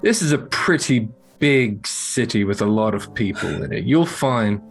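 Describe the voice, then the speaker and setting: A man's voice: on the low side, animated, normal speed, faint music behind. A man playing a fatherly tavern man who talks in a soothing, reassuring way.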